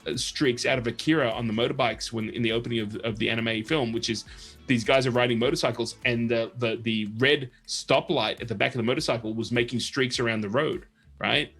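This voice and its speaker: A man's voice: medium pitch, fairly even intonation, a little fast, a bit bright, husky. A man with a mid-range voice talks through a casual livestream chat. He rambles through his stories and acts out the people he quotes, over faint music in the background. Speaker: show host.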